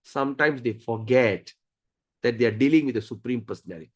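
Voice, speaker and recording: Speaking at a medium pitch and a fairly quick clip, the scripture teacher explains his lecture by repeating key words and restarting sentences. He's lively, voicing the characters as he acts out the stories.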